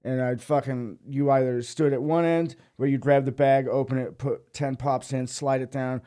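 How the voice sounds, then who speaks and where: A man's voice: mid-range voice, fairly even intonation, normal speed, dark tone, clean tone. A young man casually telling a rambling, profanity-laced story, often laughing as he talks. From Boise, Idaho. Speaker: podcast guest storyteller.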